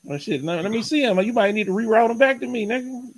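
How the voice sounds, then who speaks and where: A man's voice: extremely high pitch, lively intonation, fast talker, no room sound, rough recording. A man co-hosting a podcast in casual banter, laid-back and often murmuring agreement. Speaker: podcast co-host.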